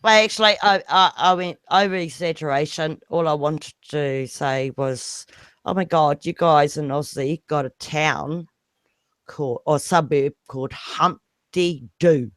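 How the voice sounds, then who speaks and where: A man's voice: fairly high pitch, measured pace, fairly bright tone, clear, resonant tone, no echo, studio quality. A man rambling a story in a casual group voice chat, swearing freely and apologizing. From New Zealand.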